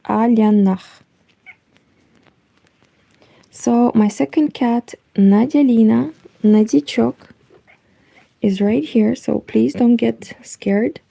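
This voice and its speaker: A woman from Eastern Europe with a Romanian accent, speaking Romanian natively, chatting softly at home late at night on a knitting livestream, her voice nearly gone. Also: a little high, slow pace, gravelly. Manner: soft-spoken, reads chat aloud. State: nearly lost voice.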